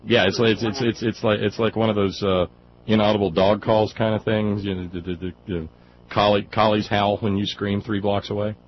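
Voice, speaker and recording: A man's voice: on the low side, little pitch movement, fairly quick. A man hosting a call-in radio talk show, joking and often stammering through restarts. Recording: dull radio recording with faint hiss.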